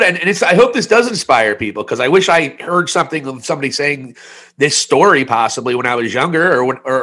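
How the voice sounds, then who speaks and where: Bright-voiced man in his forties, rambling. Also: fairly high pitch. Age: 40s. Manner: rambling, candid storytelling with self-mocking jokes. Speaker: podcast co-host. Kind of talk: casual podcast chat.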